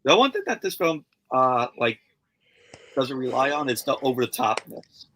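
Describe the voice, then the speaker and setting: A man's voice: mid-range voice, very animated, normal speed, background noise. A man co-hosting a movie watch-along, chatting casually and commenting on scenes.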